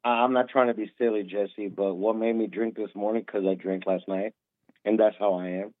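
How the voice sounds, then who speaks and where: A man's voice: lowish voice, steady tone, normal speed, no room sound. Tipsy guy in his 30s calling in, rambling, tinny phone sound, very dry. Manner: rambling, repeats and restarts a lot. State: tipsy from drinking. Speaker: caller. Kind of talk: casual call-in talk.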